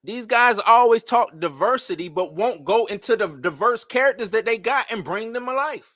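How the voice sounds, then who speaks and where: Live-stream host, man, bright high voice, exasperated rhetorical rant, dry close sound. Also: normal speed, no room sound. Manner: animated, rhetorical questions, exasperated. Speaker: host of a live movie-news show. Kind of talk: casual live-stream commentary.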